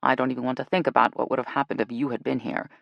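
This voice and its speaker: A woman's voice: extremely low pitch, level tone, racing, vocal fry, no echo, dull audio, full character voice. A woman doing a dramatic nosy mother. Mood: chatty.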